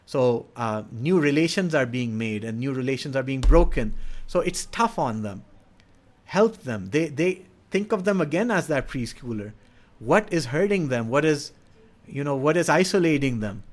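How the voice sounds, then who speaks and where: A man's voice: medium pitch, sing-song, normal speed. A middle-aged man explaining child development in an earnest, instructive way, sometimes acting out what a parent or child would say. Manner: earnest, acts out parent-child dialogue in quoted voices. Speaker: educator speaking on child development. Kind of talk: explanatory talk.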